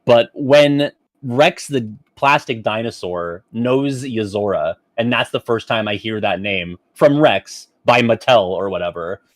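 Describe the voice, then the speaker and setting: A male podcast guest with a lowish voice, recorded close and dry with no room sound. He hedges a lot with fillers, then breaks into animated, joking rants. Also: a little slow, dry recording. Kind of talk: casual podcast conversation.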